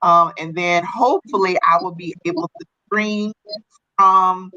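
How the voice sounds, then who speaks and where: Bright-voiced woman hosting a live talk show. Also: on the low side, measured pace, muffled recording. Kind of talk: casual live-stream chat.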